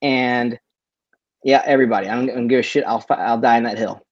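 Profane, animated man telling stories. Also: medium pitch, quick pace, no echo, dull audio. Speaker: podcast co-host. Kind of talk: casual chat.

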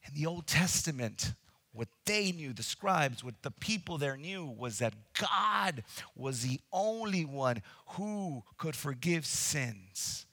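A man preaching a sermon, animated, acting out scenes and addressing the congregation directly. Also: a little high, vocal fry, no room sound. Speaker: pastor.

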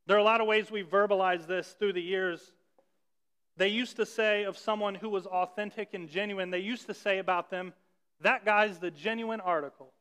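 A man's voice: high-pitched, steady tone, moderate pace, fairly bright tone, clean tone. A man preaching a sermon as pastor, talking conversationally and asking ironic rhetorical questions. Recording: long reverb of a large hall.

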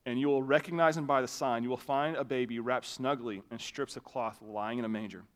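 A man in his thirties, a pastor preaching a conversational sermon with animated storytelling and casual asides. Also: medium pitch, brisk, smooth.

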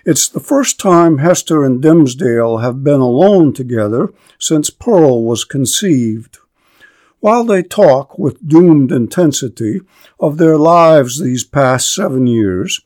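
A man hosting a literature show, reading a classic novel aloud in a slow, measured scripted narration. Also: medium pitch, a little mellow. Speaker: podcast host.

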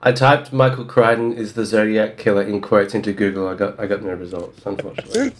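A man co-hosting a book podcast, his voice sitting fairly low. He walks through the plot in careful detail and adds dry, wry asides. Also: fairly even intonation, fast talker, a little hiss or hum. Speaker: podcast co-host. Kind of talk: casual chat about a novel.

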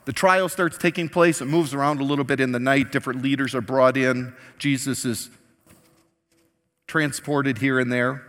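A man's voice: mid-range voice, moderate pace. Preaching man in a reverberant hall. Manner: animated storytelling, acting out quoted lines. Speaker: pastor. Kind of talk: sermon.

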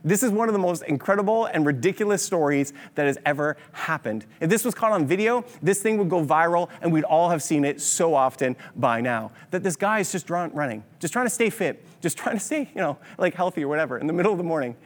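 A man preaching a sermon, telling a story with lively rhetorical questions. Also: fairly high pitch, quick pace, hardly any pauses. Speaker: pastor. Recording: long hall reverb.

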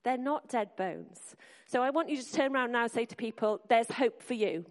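Woman giving an earnest sermon, fairly high voice, talking straight to the room, long reverb. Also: moderate pace. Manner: earnest, encouraging, speaks to the congregation directly. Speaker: preacher. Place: church hall.

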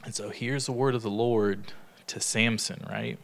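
A man leading a casual Bible study, talking in a chatty way, laughing often and retelling stories in lively quoted dialogue. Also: fairly low pitch, a little slow, gravelly, slight background noise.

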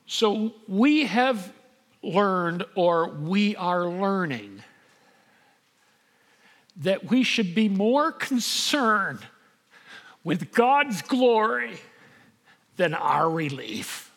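A middle-aged man preaching a sermon as pastor, emphatic and building to loud peaks. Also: high-pitched, big pitch swings, very slow, pauses often, in a large hall.

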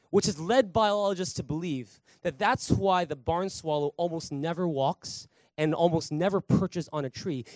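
A man's voice: high-pitched, a little mellow, no echo. A male pastor preaching at a church service, emphatic, calling out to the congregation for applause and responses. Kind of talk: sermon.

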